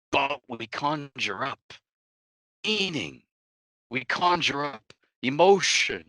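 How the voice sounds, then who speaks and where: A man, a guest author on a casual podcast interview, telling animated stories, laughing often and acting out quotes. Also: medium pitch, no echo. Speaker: guest game-world author.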